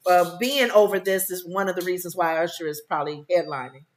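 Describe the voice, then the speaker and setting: A woman's voice: on the low side, steady tone, a little fast. A woman co-hosting a casual chat, reacting with short replies and comments. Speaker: co-host.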